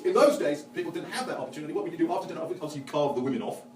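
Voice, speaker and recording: A man's voice: a little high, racing, slight background noise, lightly acted. A man playing a witty, enthusiastic Victorian naturalist, lecturing in character with a theatrical, joking delivery. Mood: lively. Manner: animated, theatrical, joking storyteller. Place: museum lecture hall. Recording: echoey hall, mic far off.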